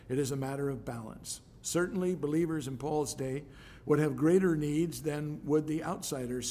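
A man preaching a sermon in a conversational way, growing emphatic and loud when he drives a point home. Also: mid-range voice, vocal fry, a little hiss or hum. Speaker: pastor.

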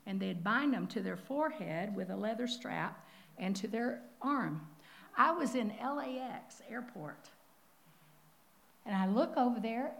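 A woman teaching the Bible in a sermon style. She is conversational and animated, with asides and rhetorical questions. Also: mid-range voice, gravelly, low-quality recording.

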